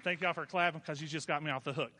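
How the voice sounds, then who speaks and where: A man's voice: on the high side, fairly even intonation, fast, bright, forceful tone, long reverb tail, a little hiss or hum. A man, preaching a sermon as pastor, telling folksy stories and building to emphatic points. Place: church.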